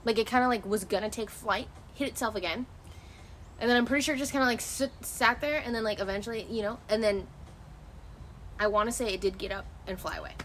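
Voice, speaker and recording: A young woman chatting to her stream from outdoors, her voice sitting a little high. She rambles and restarts her sentences, swearing casually as she goes. Faint outdoor ambience hangs behind her. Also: quick pace, a little hiss or hum. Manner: rambling and animated, with many restarts; loose, swearing freely. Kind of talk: casual chat.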